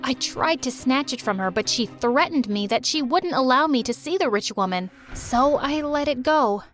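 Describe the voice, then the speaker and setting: A young adult woman narrating a dramatic first-person storytime, lively and expressive. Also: high voice, moderate pace, soft background music.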